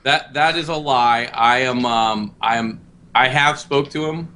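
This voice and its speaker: A man's voice: medium pitch, a little slow, sharp tone. A man guest co-hosting a casual gaming podcast, talking in a brash, joking way with plenty of swearing. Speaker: guest co-host.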